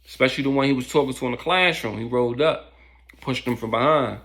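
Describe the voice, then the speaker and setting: A man's voice: medium pitch, fast talker, a bit bright. A man casually telling a story in loose street slang, with lots of fillers.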